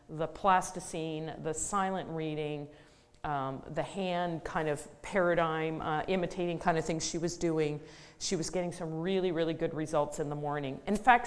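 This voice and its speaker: Middle-aged woman therapist doing a public talk, lowish voice, practical and chatty, big echoey hall. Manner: explains through a case story, warm and practical, with some fillers and restarts. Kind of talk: conversational public lecture.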